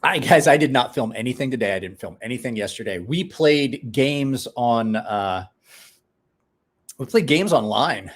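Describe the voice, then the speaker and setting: A man's voice: mid-range voice, animated, normal speed. A man chatting casually on a live stream, rambling, restarting words, and talking to his dog in between.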